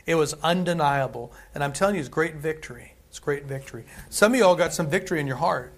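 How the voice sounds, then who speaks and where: Casting: male pastor with a fairly high voice, loose sermon delivery, repeats himself for emphasis. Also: quick pace, a bit bright. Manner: conversational, repeats phrases, tosses in "right?" and "amen".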